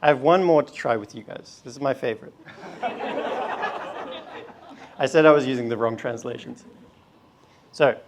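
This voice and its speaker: A man giving a lively talk at a university event, stirring the audience to chant along with him. His voice is gravelly and his delivery casual, full of fillers and quick asides. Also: mid-range voice, background noise. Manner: energetic, leads audience in call and response, casual fillers. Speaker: research slam presenter. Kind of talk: live public talk leading audience chants.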